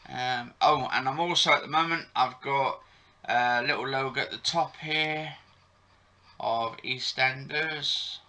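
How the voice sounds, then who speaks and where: Male YouTuber chatting casually to camera, rambling, very bright tone, slow and unhurried. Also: medium pitch. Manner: rambling, with many fillers and self-corrections. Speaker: YouTube vlogger reviewing soap episodes.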